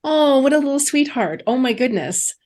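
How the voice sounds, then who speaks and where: A woman's voice: high voice, lively intonation, normal speed, a little mellow. A woman hosting a casual interview, reacting effusively to her guest and asking rambling questions. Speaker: host.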